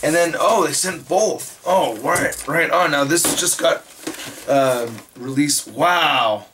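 A man with a hoarse, raspy voice, chatting excitedly and rambling as he unboxes toys for his channel. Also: a little high, slow, slight background noise. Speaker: toy reviewer. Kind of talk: casual unboxing chat.

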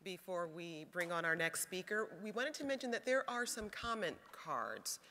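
A woman's voice: lowish voice, animated, normal speed, bright, forceful tone, a little hiss or hum. A woman hosting a conference, announcing and reading a speaker introduction. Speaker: event host. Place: conference hall. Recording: long hall reverb.

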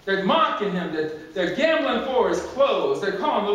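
In a very echoey church, a male pastor with a notably high, fairly bright voice preaches a sermon at normal speed, far from the microphone. He's very animated, using emphatic storytelling and repeated phrases, though the audio is dull.

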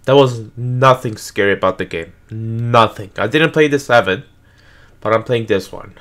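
A man's voice: on the low side, moderate pace. A man hosting a gaming channel, giving casual, jokey let's-play commentary and talking straight to his viewers. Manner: excitable, jokey, talks to viewers.

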